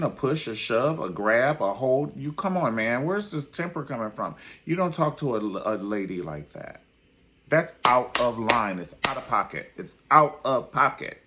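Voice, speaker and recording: A man's voice: medium pitch, fairly bright tone. A man giving casual, dramatic commentary on a reality show, sassy and calling the listener honey. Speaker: reality TV reviewer.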